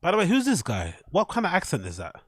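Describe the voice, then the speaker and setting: A male streamer host with a slightly high, fairly bright voice talks fast, his pitch swinging hugely. He gives casual stream commentary, loosely riffing on clips and reading a news story aloud while swearing often.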